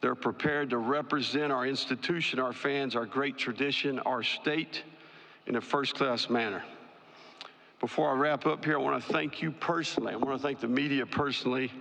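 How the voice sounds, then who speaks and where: A man, a college football head coach, giving prepared press conference remarks in a measured, emphatic, list-like way. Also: mid-range voice, steady tone, creaky, a bit bright. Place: large media day ballroom. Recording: long reverb in a large hall.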